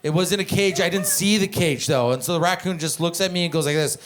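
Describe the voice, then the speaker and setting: A man in his twenties from Canada doing stand-up, telling family stories in a profane, animated, rambling way. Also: a little high, fast talker, hardly any pauses. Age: 20s. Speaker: stand-up comedian. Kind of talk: stand-up comedy storytelling.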